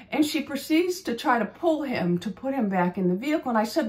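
A woman's voice: on the high side, animated, moderate pace, hardly any pauses. Chatty woman in her fifties. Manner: chatty, rambling storyteller. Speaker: beauty channel host. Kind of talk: casual chat.

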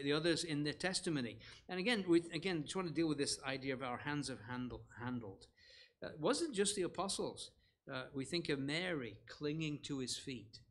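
A man's voice: on the high side, a bit bright. Earnest male preacher teaching scripture. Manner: earnest, rising and falling emphasis, asks the audience rhetorical questions; frequent fillers and self-corrections. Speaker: conference Bible teacher. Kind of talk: expository sermon. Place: church hall.

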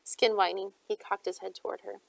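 A woman's voice: medium pitch, flat delivery, quick pace, vocal fry, no room sound, rough recording. A woman reading a novel aloud, narrating steadily as an audiobook reader.

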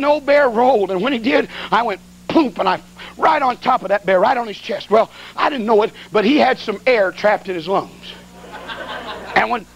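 Excitable folksy preacher, high-pitched and gravelly. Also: male voice, poor audio. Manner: folksy, animated storyteller with sound effects. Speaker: evangelist preacher. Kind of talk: storytelling sermon.

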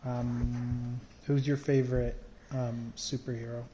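A man talking casually with his young child in a home video, soft-spoken, patient and coaxing as he quizzes them. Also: medium pitch, steady tone, moderate pace, faint music behind, rough recording.

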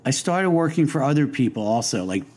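A man's voice: mid-range voice, sing-song, brisk, darkish tone. An older man, a guest in an interview, telling stories in a loose, rambling way with restarts, fillers and wise-guy humor. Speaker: interview guest, lighting designer. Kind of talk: casual anecdotal storytelling.

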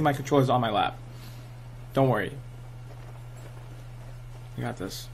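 A young man giving excitable, trash-talking live commentary over his own gameplay, full of gamer slang. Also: medium pitch, a little slow, pauses often, a little hiss or hum. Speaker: gaming channel host.

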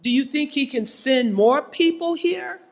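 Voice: high voice, animated, a little slow, gravelly. A preacher delivering a sermon to a congregation, pressing the listeners with pointed rhetorical questions. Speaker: church speaker. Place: church sanctuary. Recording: long hall reverb in a church.

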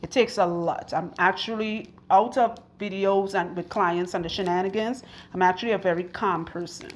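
A young adult woman with a Trinidadian accent, chatting casually and loudly while working, telling stories and acting out what people said. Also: medium pitch, moderate pace, slight background noise. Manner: loud, animated storytelling with quoted voices. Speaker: loctician and video host.

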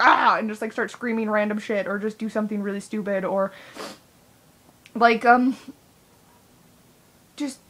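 A young woman vlogging in a rambling, casual way, swearing a lot and filling her talk with "like". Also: mid-range voice. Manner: rambling, heavy swearing, filler-laden.

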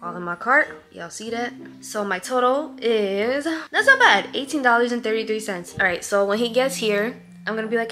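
A woman's voice: a little high, lively intonation, moderate pace, few pauses, sharp tone, soft background music. A woman vlogging at home in a casual, chatty way, talking slangy and laughing often as she sets up a prank. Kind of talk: casual prank vlog chat. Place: at home indoors.

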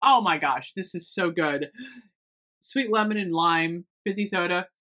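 A woman reviewing scented products in an excited, gushing chat, gasping and saying "oh my gosh" often. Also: fairly low pitch, a little slow. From United States. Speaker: beauty haul vlogger.

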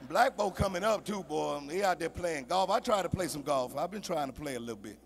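High-voiced man doing stand-up. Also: animated, a little fast, creaky, a little hiss or hum. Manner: conversational, addressing the audience directly. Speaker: stand-up comedian. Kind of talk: stand-up comedy set.

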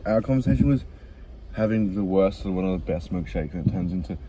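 A man's voice: low-pitched, expressive, fairly quick, noisy background. A young man, chatting casually with friends and laughing as he retells a story. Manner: laughs often, retells stories with quoted lines. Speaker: co-host. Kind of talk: casual chat. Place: in a car.

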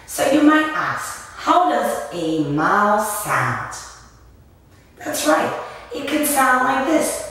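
Female teacher leading kids in chants and animal sounds, very unhurried, recorded far off in a reverberant room. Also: high-pitched, very animated, a bit bright. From Miami area. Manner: slow, sing-song, with animal sounds. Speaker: children's dance and movement teacher. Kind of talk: call-and-response lesson for children. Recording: echoey room, distant mic, faint noise.

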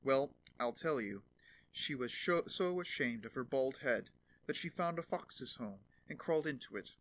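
A man narrating a fairy tale audiobook in an expressive storytelling manner. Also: medium pitch, normal speed.

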